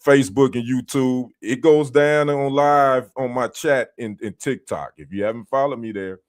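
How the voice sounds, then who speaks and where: A man's voice: mid-range voice, moderate pace. This is a man hosting a live sports stream, talking straight to his chat in a casual, easygoing way. He calls out viewers by name and trades light trash talk with rival fans. His voice sits in a middle register. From United States. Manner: chatty, greets viewers by name, teasing banter. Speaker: sports livestream host. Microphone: streaming setup.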